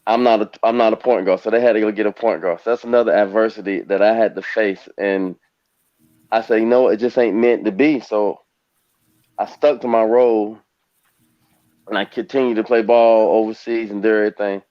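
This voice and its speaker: A man's voice: fairly low pitch, fairly even intonation, normal speed, dry recording, muffled recording. A man in his forties from the United States, a retired professional basketball player, telling his life story in a rambling way on a panel. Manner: rambling storytelling, gets emotional. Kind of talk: panel conversation.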